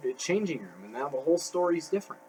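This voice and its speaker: A man's voice: a little high, big pitch swings, fast talker, heavy background noise. A young man hosting a casual podcast, explaining a point with examples and checking in with his listener. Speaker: podcast host.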